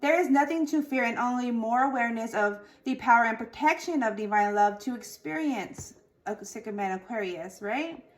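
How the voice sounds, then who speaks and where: Woman giving a soft tarot reading. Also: on the high side, normal speed. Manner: reads oracle card texts aloud, drops to soft murmurs. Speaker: tarot reader.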